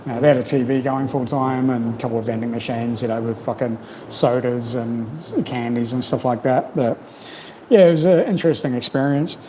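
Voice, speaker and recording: Speaking a bit quickly in a steady, mid-range, darkish voice, a male channel host from New Zealand chats casually on a livestream. His storytelling is frank and profane, full of fillers. The low-quality recording has a faint hiss or hum.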